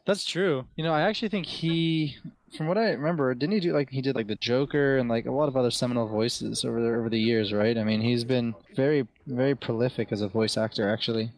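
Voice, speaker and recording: A British man talks at a fast clip as a podcast guest. His voice is mid-pitched, and he rambles along in an easy, self-deprecating way. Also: dry recording. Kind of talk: casual podcast chat.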